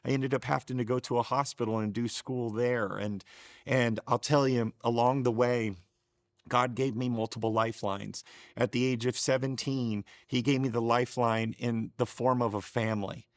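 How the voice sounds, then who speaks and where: A man's voice: medium pitch, steady tone, moderate pace, dry recording, studio quality. A middle-aged man telling his personal faith testimony in an earnest, emotional way, often getting choked up and restarting his sentences. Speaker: show co-host sharing his testimony.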